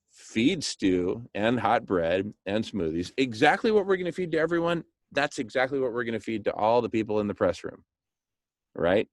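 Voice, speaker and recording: A man talking with enthusiasm, pitching a plan and acting out little scenes, with "right?" thrown in often. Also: no room sound. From Hispanic background, speaks Spanish. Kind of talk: animated monologue.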